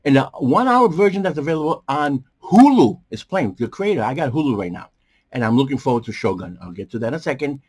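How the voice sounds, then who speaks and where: A man hosting a movie review show from a small bedroom studio, talking in a rambling, animated way with many fillers and a strained, coughing voice. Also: medium pitch, fast talker, breathy edge. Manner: animated, jumps around, many fillers and restarts. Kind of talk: casual rambling commentary.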